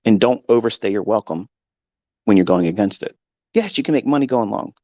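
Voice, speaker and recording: A middle-aged man, a trading mentor, talking unfiltered in a live audio room from his home basement, blunt and heavily profane, at times breaking into heated yelling. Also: on the low side, lively intonation, brisk, dry recording.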